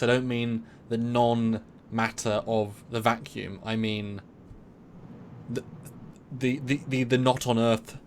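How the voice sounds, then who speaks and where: A man co-hosting a casual livestream chat, rambling with many restarts and quick asides. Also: medium pitch, a little hiss or hum. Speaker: co-host.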